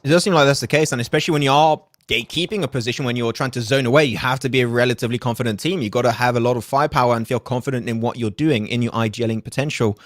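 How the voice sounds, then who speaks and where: Fast-talking male esports caster. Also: mid-range voice, dry recording, clean studio sound. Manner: rapid, energetic, joking asides. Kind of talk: live play-by-play commentary.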